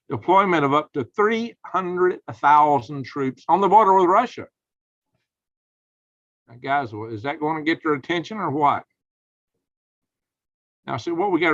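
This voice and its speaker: A man's voice: mid-range voice, slightly rough, no echo. Man with drawl, live-stream host, folksy rambler, dry muffled mic. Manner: folksy, rambling, gets heated and loud when indignant. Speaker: prepping channel host.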